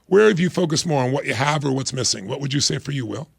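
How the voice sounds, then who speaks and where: A man's voice: medium pitch, quick pace, gravelly, husky, no echo, clean studio sound. A man in his sixties, a guest on a talk show, explaining ideas energetically and emphatically. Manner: energetic, emphatic, acts out quoted voices. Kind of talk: motivational interview talk.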